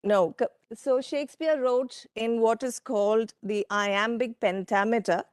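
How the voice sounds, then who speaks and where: A woman giving a workshop presentation from slides, speaking in a measured way with frequent fillers and asides to the audience. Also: on the high side, a little mellow, smooth, dry recording, studio quality. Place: conference room.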